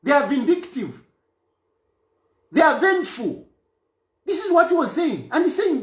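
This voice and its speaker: A man's voice: very high voice, very animated, measured pace, reverberant. A man from Zambia giving an emphatic political statement, repeating phrases for force.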